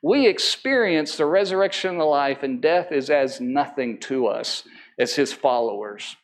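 A man, a pastor, preaching a Sunday sermon to a congregation in an earnest way, slowing right down on key phrases and climbing higher when he presses a point. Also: animated. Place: church service.

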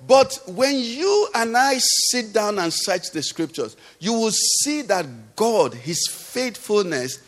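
High-voiced preacher, impassioned. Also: male voice, sing-song, takes it slowly, few pauses. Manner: impassioned preaching, swinging from loud cries to low murmurs. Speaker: pastor. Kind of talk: sermon.

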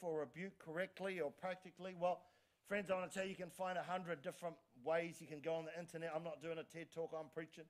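A man preaches from the pulpit in a bright, high voice. He talks with lively energy, stumbles and restarts words as he goes, and keeps calling out for amens from the room. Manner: energetic, frequent restarts and stammers, calls for amens. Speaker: pastor. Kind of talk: sermon.

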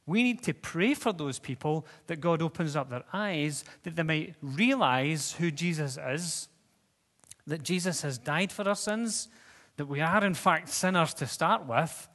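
A man's voice: fairly high pitch, fairly bright tone. Preacher man in an echoing church hall. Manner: conversational, asks the congregation questions. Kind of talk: sermon. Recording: long reverb of a church hall.

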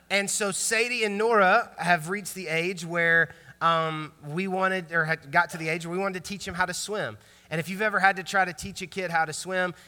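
Thirtysomething guy pastor preaching, high bright voice, chatty storytelling, big reverby church. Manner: animated, conversational storytelling. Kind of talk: sermon. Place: church sanctuary. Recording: long reverb church hall.

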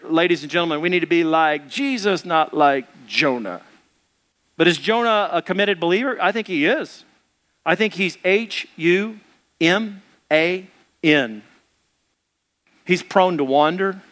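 A male pastor preaching an animated sermon, acting out the voices of the people in the story as he goes. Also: high-pitched.

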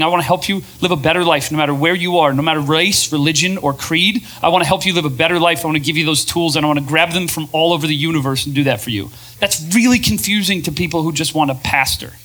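High bright-voiced man addressing a crowd. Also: fast talker, few pauses. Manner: energetic, asks the crowd questions. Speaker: podcast host and speaker, former pastor. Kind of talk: live talk to an audience. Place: event venue with a live audience.

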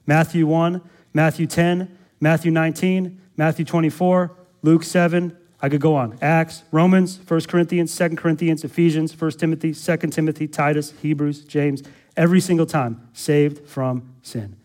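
Emphatic preaching man, fairly high voice. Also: flat delivery, normal speed, a little mellow. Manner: emphatic, repeats words, asks the congregation rhetorical questions. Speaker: pastor. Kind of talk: expository sermon.

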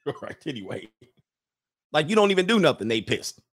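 A man's voice: a little high, big pitch swings, normal speed, husky, dry recording, studio quality. A man hosting a livestream in casual chat, rambling and laughing often as he reads out viewer messages.

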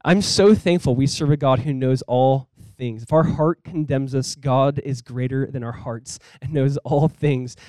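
A male pastor preaching a sermon in a conversational, earnest way, with casual fillers. He often drops quiet and low on key points. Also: measured pace, hardly any pauses, no room sound, low-quality recording.

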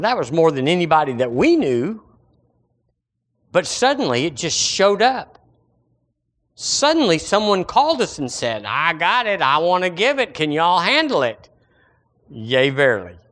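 A man's voice: on the high side, fairly bright tone. A man preaching a sermon as pastor, emphatic and repetitive, swinging his voice up and down.

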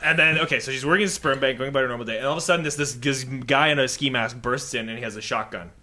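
A man's voice: mid-range voice, rapid-fire, crowd noise. A man co-hosting a casual podcast, telling crude jokes and laughing into his lines. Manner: animated, laughs mid-sentence. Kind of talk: casual joke-telling chat.

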